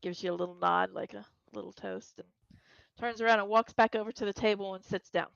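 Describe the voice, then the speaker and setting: A woman's voice: mid-range voice, steady tone, brisk, creaky, fairly bright tone, dry recording, lo-fi sound. A woman running a tabletop game as game master, narrating casually. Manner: casual, laughs between lines.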